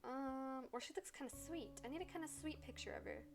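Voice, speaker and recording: A woman's voice: high voice, brisk, music in the background. A woman streamer chatting casually while playing a game, rambling and gushing with casual swearing. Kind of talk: casual let's-play chat.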